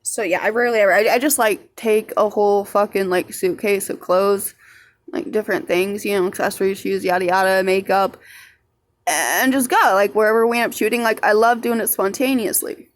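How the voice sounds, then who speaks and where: A woman's voice: medium pitch, steady tone, a little fast. A young woman telling a rambling story in a casual vlog, swearing freely and chatty. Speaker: vlogger.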